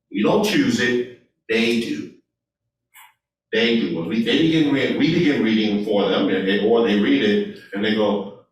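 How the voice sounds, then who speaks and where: A man's voice: fairly low pitch, a little slow, a little hiss or hum. Man speaking from far off in an echoey hall. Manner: animated, acts out voters' replies. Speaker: guest speaker. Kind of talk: speech at a meeting. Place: meeting hall.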